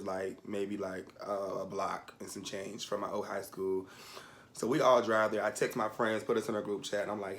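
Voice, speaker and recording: A man's voice: fairly low pitch, a bit bright. A young man telling a personal story in casual chat, candid and rambling, fighting back tears at moments.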